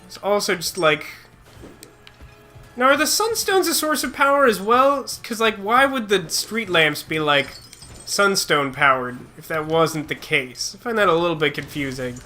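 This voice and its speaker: A man's voice: high voice, lively intonation, moderate pace, bright, forceful tone, faint music behind. A chatty young man, a little sick, rambling through casual gameplay commentary and reacting to the game. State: slightly sick. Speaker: let's play host.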